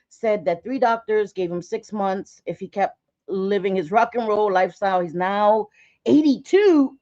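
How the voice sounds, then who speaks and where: A woman's voice: medium pitch, a little mellow, dull audio. A woman host chatting casually on a livestream, telling stories with frequent laughs and restarts and swearing freely.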